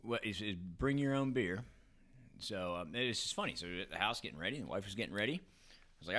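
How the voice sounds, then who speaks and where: A man co-hosting a podcast, telling stories in an animated way and laughing often. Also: low voice, quick pace. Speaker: podcast co-host. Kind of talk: casual podcast chat and storytelling.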